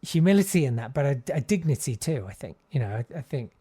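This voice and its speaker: A man's voice: mid-range voice, sing-song, fast talker, warm tone, slightly rough. A middle-aged man from Southeast London with a friendly, posh-sounding voice, chatting as a comedian guest and telling stories with self-deprecating humour. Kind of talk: casual interview chat.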